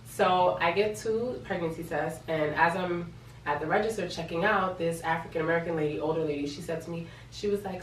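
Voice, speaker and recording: A pregnant young woman in a casual vlog, retelling her story in an animated, chatty way with lots of quoted dialogue. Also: fairly low pitch, fairly quick, roomy sound, far from the mic, a little hiss or hum, poor audio. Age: young adult. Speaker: vlogger.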